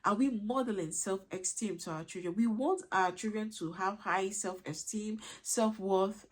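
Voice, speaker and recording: A woman's voice: mid-range voice, husky. A woman giving an earnest parenting lesson, driving points home with repeated rhetorical questions. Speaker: parenting coach. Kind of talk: motivational teaching talk.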